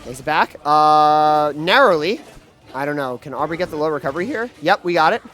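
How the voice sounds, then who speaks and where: A man doing live play-by-play commentary at a gaming event, excitable and full of fillers and restarts. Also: a little high, brisk. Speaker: esports commentator.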